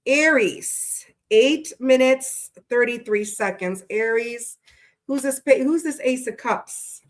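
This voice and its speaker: A woman's voice: on the high side, slow pace. A woman hosting a tarot livestream, greeting her chat viewers one by one in a chatty, playful way that swears freely, and she sounds tired.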